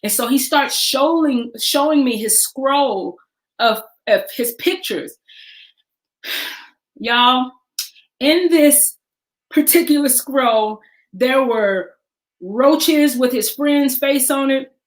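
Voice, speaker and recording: A woman in her forties telling a personal story in a lively way, laughing and acting out the voices of the people she quotes. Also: high voice, takes it slowly, long pauses. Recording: echoey room.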